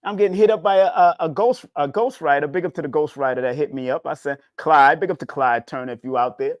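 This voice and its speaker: Speaking quickly, a man teaching numerology delivers a casual, preachy spiritual talk that keeps repeating itself. His pitch rises and falls widely, and the studio-quality recording has no echo.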